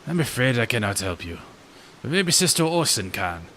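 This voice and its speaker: A man doing a French gravekeeper, gloomy and halting. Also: medium pitch, sing-song, fairly bright tone, slight background noise. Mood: apologetic. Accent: put-on French. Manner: halting, apologetic. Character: gloomy male gravekeeper haunted by war.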